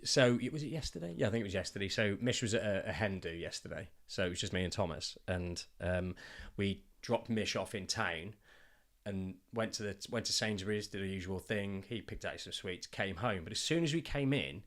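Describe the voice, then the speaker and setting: A man hosting a podcast, telling stories in a lively way and swearing freely. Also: low voice, brisk. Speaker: podcast host and father. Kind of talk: casual podcast chat.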